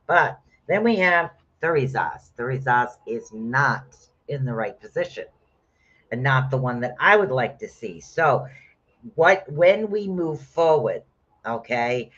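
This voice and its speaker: A man's voice: mid-range voice, a bit bright. Middle-aged man hosting a casual rune-reading stream, chatty and familiar, muffled lo-fi sound. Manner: chatty, calls listeners honey. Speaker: rune reader. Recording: dull lo-fi sound.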